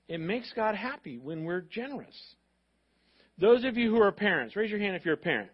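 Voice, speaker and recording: A man with a high-pitched voice preaches to a congregation in an animated, expressive way and slips into voices of parents and of God. The recording sounds dull and lo-fi, as if captured from the stage of a church auditorium. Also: normal speed, slightly rough. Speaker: pastor. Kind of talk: sermon.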